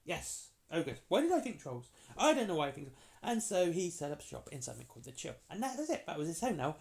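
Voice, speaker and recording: Chatty lore explainer, lively pitch. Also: vocal fry. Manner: chatty and jokey, acts out characters in quick asides. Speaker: tabletop game lore explainer. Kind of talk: casual rambling lore explainer.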